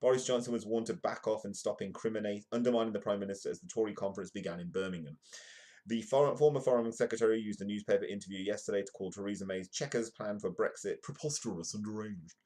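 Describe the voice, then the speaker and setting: A man's voice: fairly low pitch, quick pace, darkish tone. A man hosting a comedic live news show, reading newspaper stories aloud and breaking off for jokey asides. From United Kingdom. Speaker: host.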